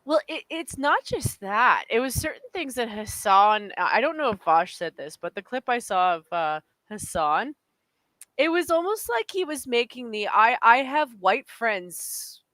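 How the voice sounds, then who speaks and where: A woman co-hosting a casual political chat stream. She speaks haltingly, repeating words before she makes her point. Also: a little high, sing-song, fairly bright tone, dry recording, poor audio. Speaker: co-host.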